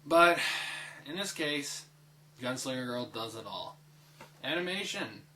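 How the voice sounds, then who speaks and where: A man's voice: mid-range voice, animated, measured pace, bright, forceful tone, a little hiss or hum, rough recording. A young man giving a casual, rambling spoken review, full of fillers, restarts and swearing. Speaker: anime reviewer.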